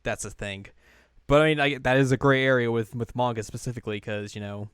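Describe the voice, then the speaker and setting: A man co-hosting a chatty podcast, with a smooth, clear voice recorded dry and close on the mic. He jokes and laughs often and fills his talk with "like" and "you know". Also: mid-range voice, steady tone, quick pace, a bit bright, no room sound. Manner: jokey, laughs often, many fillers. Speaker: podcast co-host. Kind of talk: casual chat.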